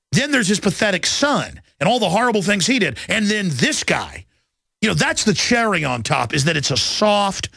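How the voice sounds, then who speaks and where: A man with a gravelly, fry-laden voice, ranting hard as a talk radio host. His tone is bright and forceful, and he delivers it close on a studio mic with a dry, dead sound. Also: a little high, dry recording. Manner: intense and combative, mocking impressions of others.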